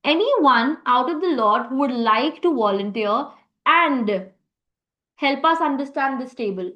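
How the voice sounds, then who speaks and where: A woman with a high, light voice leads a live online language class over a video call. She explains rules patiently and praises her students often. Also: lively intonation, a little slow, roomy sound, muffled recording. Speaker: French teacher.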